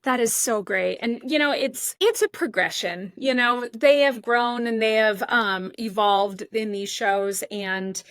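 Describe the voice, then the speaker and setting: A woman's voice: on the high side, unhurried, hardly any pauses, fairly bright tone, no echo. A middle-aged woman hosting a podcast, talking in a reflective, rambling way about her own time as a contestant years ago. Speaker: podcast host, former cooking show contestant. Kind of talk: casual interview chat.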